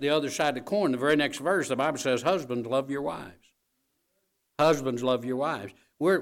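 A man's voice: medium pitch, a bit bright. A middle-aged man preaching a folksy sermon. He talks conversationally, tells jokes and home stories, and keeps checking in with the congregation. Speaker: pastor.

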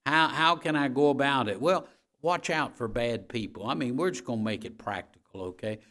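A pastor preaching a conversational sermon, often checking in with the congregation and building to forceful emphasis. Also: male voice, medium pitch, normal speed.

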